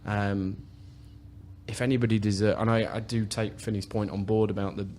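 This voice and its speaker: A man giving his views as a panelist on a football podcast, measured and opinionated, often restarting his phrases. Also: fairly low pitch, flat delivery, darkish tone, slight background noise. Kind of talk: casual football podcast discussion.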